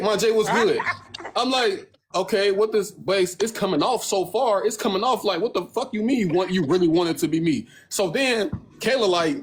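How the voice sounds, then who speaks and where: A man's voice: high-pitched, a little fast, husky. A young man hosting a livestream on his phone, telling a story casually, with lots of swearing, and mimicking other people's lines in mocking voices. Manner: animated, profane storytelling, acting out others' lines in mocking tones. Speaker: livestream host.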